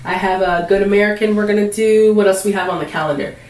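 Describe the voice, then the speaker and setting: A woman's voice: medium pitch, steady tone, fast talker, a little mellow, recorded from a distance, a little hiss or hum. A woman vlogger chatting casually to camera, upbeat and rambling with fillers. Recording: roomy echo, a little off-mic.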